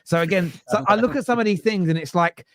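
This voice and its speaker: A man's voice: high voice, fast talker, a bit bright. A man with a London accent hosting a casual football podcast, chatting and reading viewer comments aloud. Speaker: podcast host. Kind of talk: casual panel chat.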